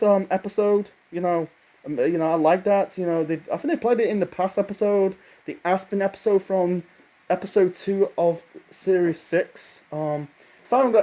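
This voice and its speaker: A man's voice: sits high, dark tone, poor audio. A man reviewing a cartoon episode in a loose, rambling way, often stumbling over his words and restarting. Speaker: video reviewer.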